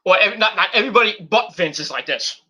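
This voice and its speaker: A man's voice: sits high, animated, fast talker, bright, forceful tone, husky. A middle-aged man hosting a livestream, ranting casually and profanely with sarcastic mock quotes. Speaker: streamer host.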